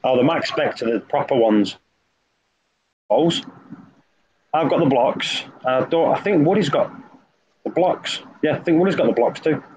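A man in casual group video chat, excitedly showing off his reef tank. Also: on the high side, measured pace, pauses often. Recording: muffled call audio with faint noise.

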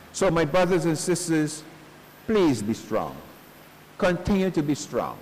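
A male pastor giving a funeral sermon in earnest, slow preaching sprinkled with homespun stories, recorded at a church service. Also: a little high, sing-song, darkish tone, slight background noise. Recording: long church reverb.

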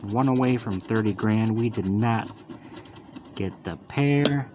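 Slow, chatty man scratching tickets. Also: on the low side, darkish tone, slight background noise. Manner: calls out each symbol, upbeat wisecracks. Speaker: lottery scratch-off channel host. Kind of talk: casual running commentary while scratching tickets.

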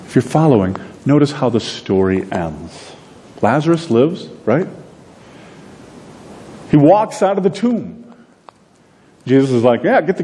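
Man preaching in a reverberant church. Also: dark tone. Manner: conversational storytelling with acted-out dialogue. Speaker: pastor. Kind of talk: sermon. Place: church sanctuary. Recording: long reverb with faint rumble noise.

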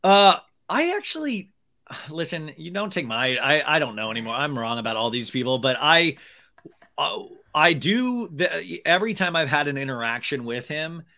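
A man's voice: a little high, big pitch swings, normal speed, bright, forceful tone. A man chatting casually as a podcast guest, telling gossipy stories with lots of fillers and restarts. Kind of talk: casual chat.

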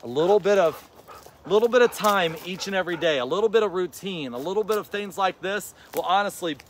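A man vlogging outdoors while he plays fetch with his dog. He gives casual, rambling advice to his viewers and calls out to the dog in an excited, encouraging voice. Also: high-pitched, brisk, a little hiss or hum. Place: outdoors, in a yard.

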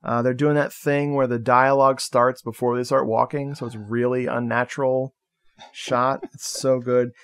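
A man's voice: mid-range voice, flat delivery, normal speed, fairly bright tone, smooth. A man co-hosting a casual podcast film review. He talks loosely, swears casually and laughs a lot. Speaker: podcast co-host.

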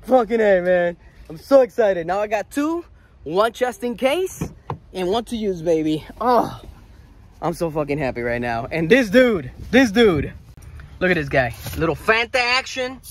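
A young man with a fairly high voice talks in a loose, excitable vlog style, swearing freely and jumping between stories. A faint background hum sits under his voice. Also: unhurried. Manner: excitable, profane, animated storytelling. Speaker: toy-hunting vlogger. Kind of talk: casual vlog chat.

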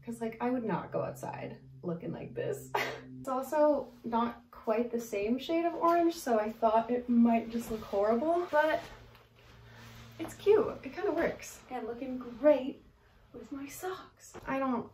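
A woman's voice: fairly high pitch, expressive, slow pace, darkish tone, slight background noise. Playful self-mocking woman vlogger. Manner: chatty with bursts of laughter. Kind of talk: casual get-ready-with-me chat.

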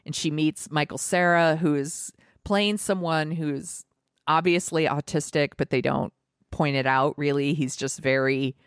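A woman's voice: low-pitched, fairly even intonation, measured pace, clean tone, no echo, clean studio sound. A woman co-hosting a podcast, chatting casually with giggles and many "like" fillers. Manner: rambling, giggly, filler-heavy recommendations. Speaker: podcast co-host. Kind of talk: casual chat.

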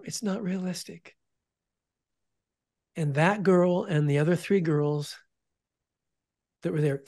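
A man telling an emotional testimony about starting his ministry, earnest, often restarting and repeating words, dropping to a hush when quoting. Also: a little high. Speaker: ministry founder and guest.

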